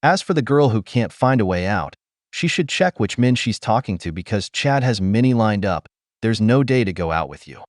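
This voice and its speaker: A man's voice: fairly low pitch, lively intonation, normal speed, no echo, studio quality. A man giving blunt, lecturing opinion commentary as a voice-over, talking straight to his viewers. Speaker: commentary channel host.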